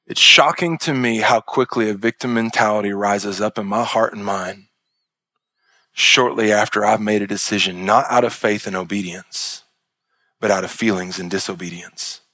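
A man's voice: lowish voice, normal speed, pushed and bright, no echo. A male pastor preaching a sermon with emphatic delivery and repeated parallel phrases.

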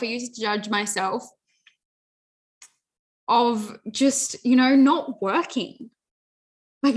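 A young adult woman giving an earnest motivational talk, repeating phrases and often saying "you know" and "like". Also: a little high. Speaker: self-help speaker.

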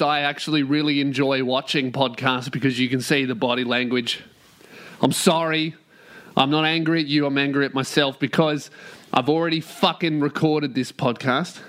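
A man hosts his podcast alone and talks himself into a sweary rant. His voice sits high for a man, and he keeps undercutting his own anger with jokes at his own expense. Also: fairly bright tone. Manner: ranting, sweary, self-deprecating. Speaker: podcast host. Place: warehouse.

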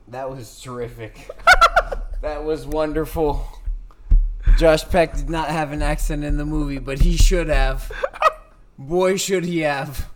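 A man hosting a casual podcast interview, chatty and amused, asking quick questions. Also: a little high, over loud music. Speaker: podcast host.

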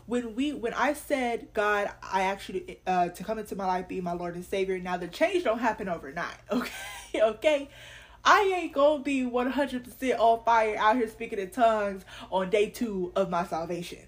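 A woman's voice: mid-range voice, normal speed. A young woman hosting a faith podcast, talking candidly and earnestly in casual slang, sometimes laughing. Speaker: podcast host.

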